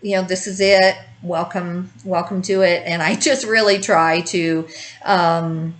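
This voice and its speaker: A woman's voice: lowish voice, steady tone, a little slow, poor audio. Rambling woman in her fifties. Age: 50s. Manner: rambling, talks in circles, with restarts. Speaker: grief-support video host. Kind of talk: candid personal talk to camera.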